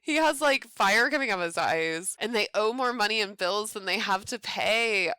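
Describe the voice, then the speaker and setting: Woman, let's play host, excitable commentary, bright crisp voice, dry close sound. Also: medium pitch, no echo. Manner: excitable, voices sims in quick asides. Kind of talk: casual game commentary.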